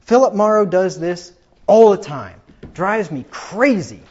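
A man with a high voice preaches a combative sermon and mocks his opponents with sarcasm. He builds to loud, emphatic points. The recording sounds slightly dull and lo-fi. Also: sing-song, measured pace, slightly rough. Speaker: pastor.

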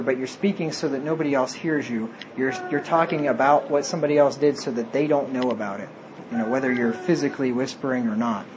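A man's voice: mid-range voice, a little hiss or hum, low-quality recording. A man preaching a sermon, reading scripture aloud and explaining it plainly.

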